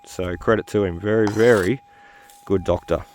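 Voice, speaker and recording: A tired man hosting a metal detecting video, talking in a halting, rambling way full of fillers while he searches outdoors. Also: fairly low pitch, darkish tone, a little hiss or hum. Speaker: metal detecting channel host. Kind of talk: rambling casual vlog talk while detecting.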